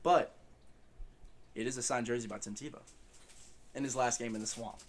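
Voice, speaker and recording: A young man co-hosting a casual sports podcast, animated and laughing, calling everyone bro. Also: mid-range voice, normal speed, slight background noise. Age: young adult. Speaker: podcast co-host. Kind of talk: casual chat.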